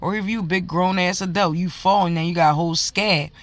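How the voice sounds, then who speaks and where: A woman's voice: on the low side, steady tone, brisk. A mother telling a story to camera in a casual, heated and profane way, talking in emphatic run-on bursts.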